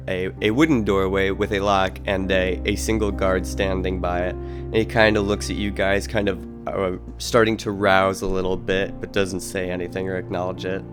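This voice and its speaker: Low-pitched guy narrating a tabletop game as game master, loose and filler-heavy. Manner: relaxed, loose narration with many "uh" and "kinda".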